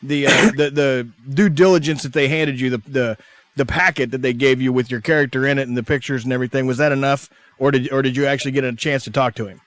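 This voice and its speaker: A man's voice: medium pitch, steady tone, quick pace, a bit bright, dry recording. A man hosting a radio interview, asking long questions with many restarts and fillers.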